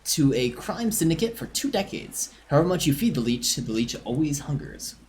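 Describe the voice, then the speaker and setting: A streamer reading the lines of a poised, polite, curious female corporate negotiator from a game, in a measured, formal way on a live stream. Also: medium pitch, very animated, darkish tone, natural voice. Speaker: game character voiced by the streamer.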